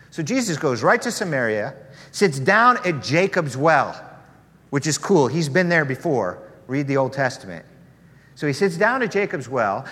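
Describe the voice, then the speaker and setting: A man preaching a sermon in a relaxed, conversational storytelling manner. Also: medium pitch. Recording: long hall reverb.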